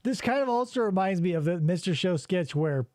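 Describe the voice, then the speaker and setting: A man's voice: high-pitched, animated, fairly quick, a little mellow. A man hosting a podcast in casual chat, rambling, sardonic and profane, on a close mic. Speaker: podcast host.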